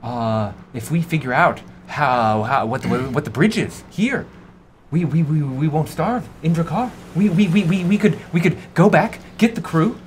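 A man playing an excitable stammering sea captain. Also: a little high, normal speed, a little hiss or hum, pitched above the performer's own voice, close to an everyday voice. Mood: excited. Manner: stammering, eager, pushy. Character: excitable older male ship captain.

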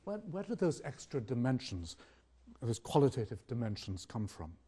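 An older man with a British accent giving an academic public lecture, measured and questioning, with rhetorical pauses. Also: mid-range voice, very animated, dark tone, husky.

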